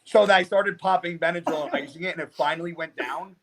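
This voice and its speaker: Young male podcast guest, fairly high voice, cursing, laughing storyteller. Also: fast talker, noisy background. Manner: profane, animated storyteller who often laughs mid-sentence. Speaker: guest, professional bodybuilder.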